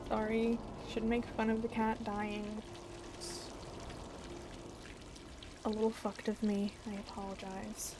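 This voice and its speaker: A young woman streaming a game, excitable and swearing freely, talking to the characters on screen. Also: medium pitch, takes it slowly, long pauses, noisy background. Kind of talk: casual gameplay commentary. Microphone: desk mic.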